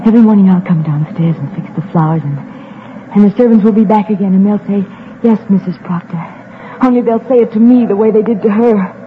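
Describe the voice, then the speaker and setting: A woman's voice: mid-range voice, lightly acted. A woman playing a neurotic, possessive young woman in a radio drama, pleading and intense. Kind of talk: 1940s radio acting. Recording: tinny old radio broadcast with faint hiss.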